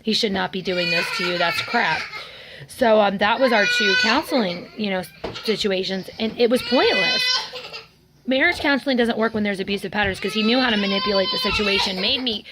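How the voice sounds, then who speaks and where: A woman's voice: medium pitch, lively intonation, a little fast, very noisy. A woman in her forties speaks straight to the camera in a personal vlog. She pours out a painful story, acting out the people she quotes. Her voice stays emotional and close to tears throughout. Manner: emotional, venting, quoting others in dialogue. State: tearful. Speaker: vlogger.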